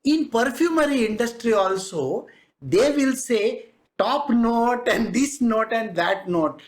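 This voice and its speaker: A spiritual teacher with an Indian English accent giving a devotional discourse in a lively, conversational way, often laughing, slipping in Hindi asides and acting out the people in the stories. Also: medium pitch, slow. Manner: animated, acts out quoted people.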